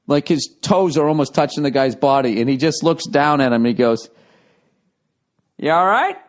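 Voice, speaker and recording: A podcast host with a medium-pitched voice talks fairly quickly as he tells a story. His delivery is casual, profane, and comic, animated enough that he breaks into laughter.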